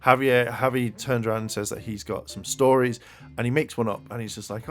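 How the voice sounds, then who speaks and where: Chatty male reviewer, mid-pitched, rambling and excitable, faint music bed. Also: fairly quick. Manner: rambling, many fillers and restarts, excitable. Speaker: episode reviewer. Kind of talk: casual video review.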